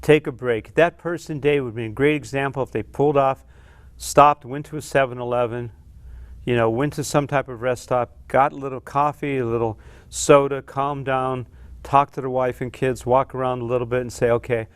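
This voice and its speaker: A man's voice: mid-range voice, fairly even intonation, normal speed, smooth, no room sound. A man appearing as a guest on a TV talk show, talking earnestly and telling a story with acted-out dialogue. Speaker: psychologist guest. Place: TV studio.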